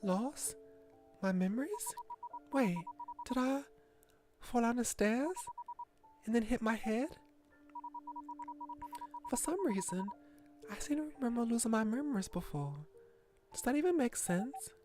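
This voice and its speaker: A man's voice: very high voice, lively intonation, unhurried, pauses often, over music, pitched above the performer's own voice. A man voicing a confused, anxious young girl in a visual novel. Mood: bewildered. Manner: flustered, pleading.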